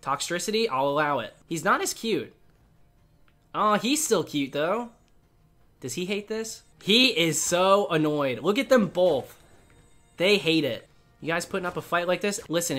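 Man, gaming commentary, excitable, chatty, animated pitch, faint background music. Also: normal speed. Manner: excitable, chatty, coos at on-screen creatures. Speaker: gaming YouTuber.

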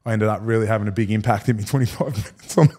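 A man's voice: fairly low pitch, very fast, darkish tone. Laughing australian man telling yarns. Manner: rambling, laughs through his stories, slangy. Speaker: guest, former rugby league player. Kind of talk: casual storytelling chat.

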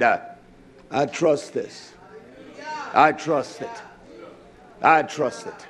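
A man preaching a sermon who repeats his points, fills pauses with "uh", and swings from loud, emphatic calls down to low, quiet asides. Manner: repetitive, with frequent "uh" fillers.

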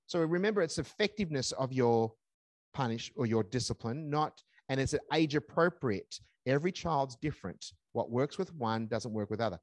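An older man giving a parenting seminar, talking conversationally and acting out calm parent dialogue. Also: medium pitch, moderate pace, no echo. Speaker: seminar speaker.

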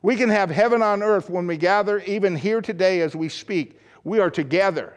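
A man's voice: high-pitched, normal speed. A male pastor preaching a sermon with impassioned, repeated lines and a closing prayer.

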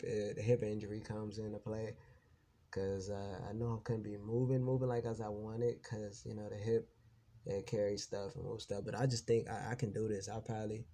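A man's voice: on the low side, warm tone. A man venting in a rambling, profane monologue to his viewers, repeating himself and growing heated and emphatic. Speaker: vlogger.

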